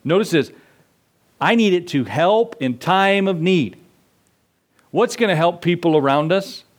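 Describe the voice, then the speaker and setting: A man's voice: high voice, expressive, unhurried. A middle-aged male pastor preaching a sermon in a conversational way, acting out voices in his stories.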